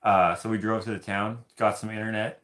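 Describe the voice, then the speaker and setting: A man from Canada hosting a casual livestream, telling stories in an animated, laughing, loosely profane way. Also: lowish voice, brisk. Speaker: host of live hangout stream.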